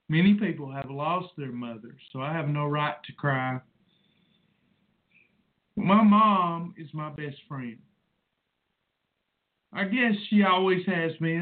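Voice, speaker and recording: A man in his forties rambles through a personal monologue as host, emotional and preachy. He speaks slowly in a slightly high voice. The sound is thin and tinny, like a phone line. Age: 40s.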